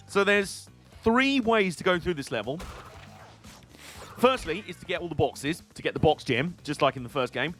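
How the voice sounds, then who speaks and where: A British man giving casual gameplay commentary with a rambling, irreverent sense of humour. His voice sits a little higher than most men's. Faint game music plays underneath. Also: animated, normal speed, a bit bright. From Britain. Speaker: game streamer.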